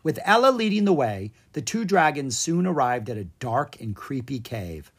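A narrator reading a children's storybook aloud in an expressive, playful way. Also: medium pitch, moderate pace, breathy edge.

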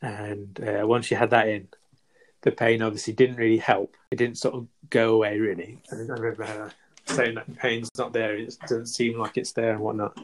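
A man's voice: fairly low pitch, flat delivery, normal speed, slight background noise. A young man on a podcast, telling a story in a rambling, casual way with laughs and restarts. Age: young adult. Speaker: podcast co-host. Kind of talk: casual chat.

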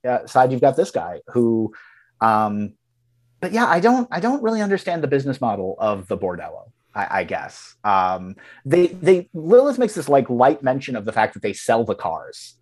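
A man talks through a film in a loose, rambling way. His pitch rises and falls in lively swings, and he often circles back to restart his sentences. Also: normal speed. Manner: rambling, heavy on fillers and restarts. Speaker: podcast co-host. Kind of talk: casual film discussion.

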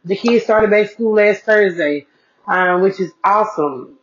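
A woman's voice: mid-range voice, unhurried. Chatty woman podcaster, dull lo-fi sound. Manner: chatty, repeats herself for emphasis, addresses listeners as y'all. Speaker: podcast host, single mom. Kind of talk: casual solo podcast chat. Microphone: podcast mic. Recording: dull lo-fi recording.

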